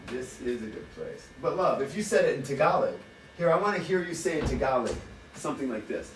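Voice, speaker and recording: A man's voice: mid-range voice, a little fast, a little hiss or hum. A man chatting casually and teasingly in a hotel room, swearing a lot, recorded from a distance. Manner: animated, profane, teasing. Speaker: vlogger. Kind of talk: casual chat. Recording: echoey room, mic at a distance.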